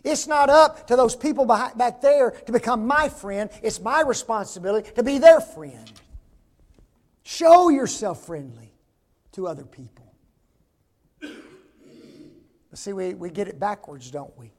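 An older man with a drawl preaches in a high, gravelly voice. He keeps things folksy and turns to the congregation with rhetorical questions. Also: expressive, measured pace, pauses often. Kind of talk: sermon.

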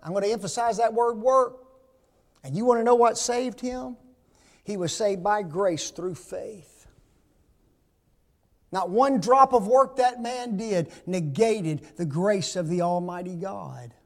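A man in his sixties preaches a sermon to his congregation, speaking emphatically and filling it with rhetorical questions. His voice sits high, and his pace is slow.

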